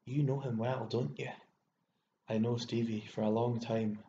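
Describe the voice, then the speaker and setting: A man voicing a rough, passionate, jealous country woman with a hollow, mannish voice in an audiobook. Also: mid-range voice, fairly even intonation, a little slow, dark tone, slight background noise, lightly acted. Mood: intent. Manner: rough, pleading and fierce. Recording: echoey room, dull lo-fi sound.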